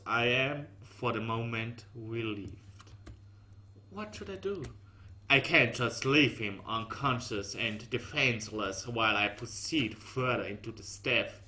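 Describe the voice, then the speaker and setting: Dude narrating a game story, slow and bright, dry little jokes. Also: male voice, mid-range voice. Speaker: game reader. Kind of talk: reading a visual novel aloud.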